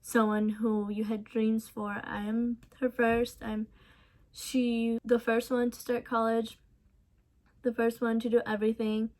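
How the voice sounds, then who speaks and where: Soft-spoken young woman telling a story. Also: fairly high pitch, level tone, measured pace. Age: young adult. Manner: casual, soft-spoken storytelling with many fillers. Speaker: vlogger. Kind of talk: storytime vlog.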